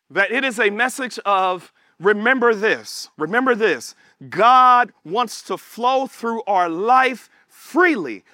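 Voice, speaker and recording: A male preacher with a high, bright, forceful voice, delivering an animated sermon. He calls out to the congregation and acts out prayers in quoted voices. The sound is dry and close, with little room behind it. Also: no room sound. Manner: animated, call-and-response preaching.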